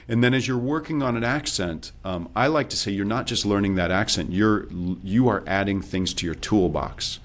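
A man's voice: lowish voice, moderate pace, hardly any pauses. A man who coaches accents, talking casually and explaining, sometimes acting out quoted thoughts. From based in Texas. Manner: relaxed, explanatory, acts out quoted self-talk. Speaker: accent and dialect coach, guest. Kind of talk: casual interview talk.

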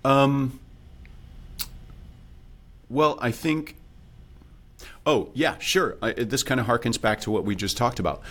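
A man's voice: mid-range voice, slow, pauses often. A man who is an accent and dialect coach, speaking as a guest in a podcast interview, explaining things patiently like a teacher. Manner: explanatory, teacherly, animated demonstrations.

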